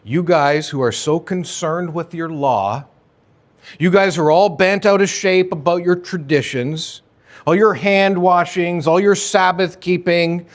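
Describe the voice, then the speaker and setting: A man's voice: sits high, measured pace, voice pushed up. A preacher voicing an indignant teacher confronting his accusers. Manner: challenging, rising and insistent.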